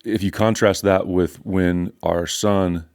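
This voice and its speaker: A man's voice: low-pitched, steady tone, takes it slowly, a little mellow. An older man, a pastor, teaching from scripture in an earnest, emphatic conversational way. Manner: earnest, emphatic, repeats phrases for stress.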